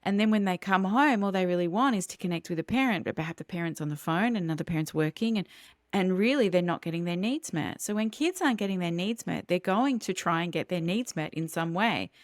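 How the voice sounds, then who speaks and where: A woman with a lowish voice, talking earnestly as a guest on a podcast. She lays out her ideas about children step by step and acts out vivid everyday examples. The sound is dry and close. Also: lively intonation, fast talker, no echo. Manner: earnest, explanatory, with vivid role-played examples. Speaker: parenting educator guest. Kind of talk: podcast interview.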